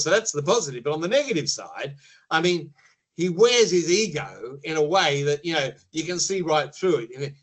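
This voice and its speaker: A man talks as a guest on a podcast interview, with a voice that sits a touch higher than most men's. He explains things in a measured way and often pauses to rephrase a thought before carrying on. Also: fairly bright tone, rough recording. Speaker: media trainer guest.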